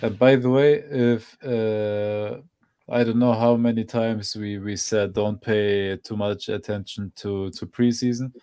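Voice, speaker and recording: Low-voiced man chatting hesitantly about football. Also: steady tone, a little slow, clean tone. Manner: hesitant, repeats words, trailing off softly. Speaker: co-host of a football show. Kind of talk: casual watch-along chat.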